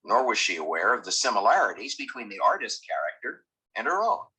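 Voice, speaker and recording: A man narrating a documentary in a measured, dry storytelling manner. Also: on the low side, very animated, bright, forceful tone, slightly rough, poor audio. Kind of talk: scripted narration.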